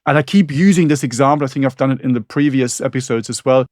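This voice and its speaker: A man's voice: mid-range voice, fast talker, darkish tone, no echo, clean studio sound. A man co-hosting a history podcast, talking in a conversational way, thinking aloud with asides. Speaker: podcast co-host.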